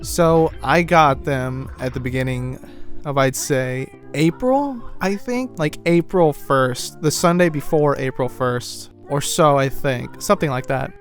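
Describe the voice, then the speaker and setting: A young man telling a personal story in a rambling, casual way, full of "like" and "you know", moving between glum and excited. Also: on the high side. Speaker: vlogger.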